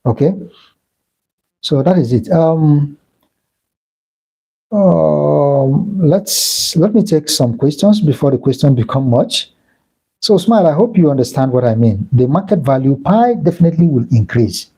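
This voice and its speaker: A man's voice: on the high side, expressive, unhurried, warm tone, breathy edge, rough recording. A man with a Nigerian Igbo accent hosting a casual live stream, repeating himself and thanking and blessing viewers as he reads their comments. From southeastern Nigeria. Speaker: crypto live-stream host.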